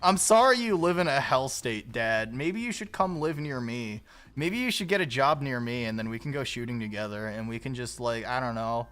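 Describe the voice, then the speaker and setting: A man hosting a livestream in a casual, rambling chat, swearing freely and breaking into loud laughs. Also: mid-range voice, clean tone. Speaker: livestream host.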